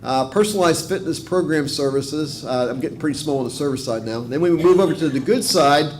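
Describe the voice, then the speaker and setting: Middle-aged virginia guy explaining tax stuff to a committee, bit high voice, lots of uhs. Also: slight background noise. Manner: measured, explanatory, frequent fillers and restarts. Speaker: tax official testifying to a committee. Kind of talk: formal committee testimony.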